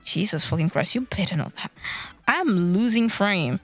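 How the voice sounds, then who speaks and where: A woman chats casually on a livestream, rambling as she searches for the right words to explain herself. Her voice sits at an ordinary middle pitch. The stream audio is dull and lo-fi, with soft music playing behind her. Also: animated, moderate pace. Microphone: desk mic at a laptop.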